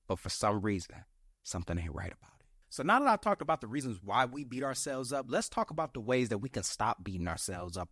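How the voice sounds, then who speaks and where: Animated young man preaching self-help. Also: on the low side, no room sound, studio quality. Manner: animated, preachy, slangy, acts out his inner voice. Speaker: podcast host. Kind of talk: motivational solo podcast talk.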